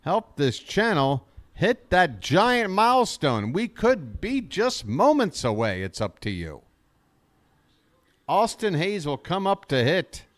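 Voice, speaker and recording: A man calling a baseball game as a fan streamer, chatting directly with his viewers and getting excited on big plays. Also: high voice, slow pace, no echo. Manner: chatty, talks straight to his chat viewers. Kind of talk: live fan play-by-play commentary.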